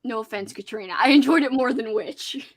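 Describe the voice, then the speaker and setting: Hosting a relaxed livestream chat with guests, this woman giggles, chats, and reads viewers' comments aloud. Her voice is a little high and brisk, and crowd noise can be heard.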